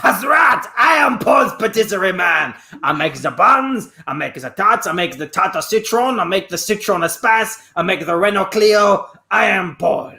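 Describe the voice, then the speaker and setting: A man's voice: high voice, expressive, bright, forceful tone, exaggerated voice. A man putting on a pompous French pastry seller. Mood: boastful. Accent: put-on French accent. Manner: theatrical, boastful, drawn-out delivery. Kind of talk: improvised comedy scene.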